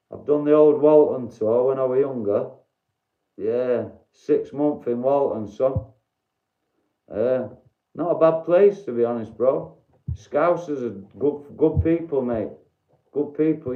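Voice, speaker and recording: Yorkshire man, livestream host, blunt and sweary with chat, mid pitch, roomy slightly muffled sound. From Doncaster, Yorkshire, England. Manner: blunt, swears freely, chats to viewers by name. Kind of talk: casual livestream chat with viewers.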